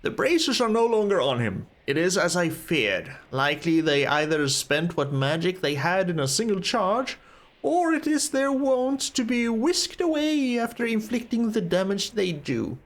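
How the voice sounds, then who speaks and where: A man's voice: high-pitched, animated, unhurried, voice pushed up. A man voicing a stern, weary old male wizard who speaks in a formal, grave, old-fashioned way.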